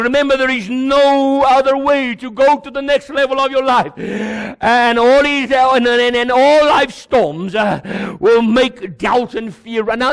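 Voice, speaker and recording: A South African man preaches to his congregation with fervour, his voice set very high and roughened by gravel. He hammers on repeated words and swings from near-whispers to shouts. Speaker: pastor. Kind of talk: sermon. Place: church before a congregation.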